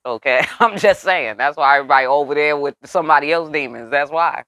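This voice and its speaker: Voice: mid-range voice, fast, a bit bright, dry recording. Blunt, profane tarot reader, dry sound. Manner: profane, emphatic, streetwise; asks the listeners rhetorical questions. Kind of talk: casual spiritual reading.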